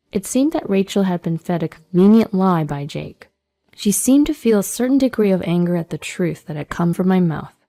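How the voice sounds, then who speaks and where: A woman reading a first-person story as a scripted narration, steady and measured. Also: lowish voice, creaky.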